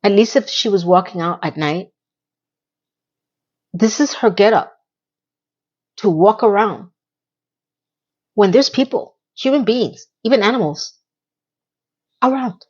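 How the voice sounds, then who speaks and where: A woman's voice: mid-range voice, slow pace, pauses often, a little mellow, slightly rough, muffled recording. A woman giving a casual recap of a TV episode, with blunt, exasperated commentary and words she repeats for emphasis. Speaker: TV recap reviewer.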